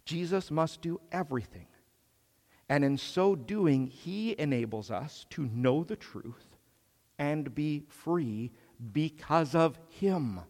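Man preaching slow in a church, big hall reverb, rises on key words. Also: fairly high pitch, expressive, a little mellow. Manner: slow, measured preaching with emphatic swells. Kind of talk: sermon.

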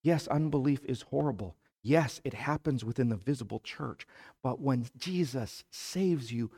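A man preaching a sermon as pastor, slow and emphatic, building to fervent peaks. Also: medium pitch, dark tone. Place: church sanctuary. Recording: long hall reverb.

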